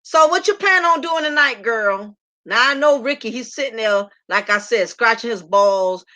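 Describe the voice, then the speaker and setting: A woman's voice: mid-range voice, bright, forceful tone. A woman hosting a live show, telling a story to her audience in a brash, profane, sassy way. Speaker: host.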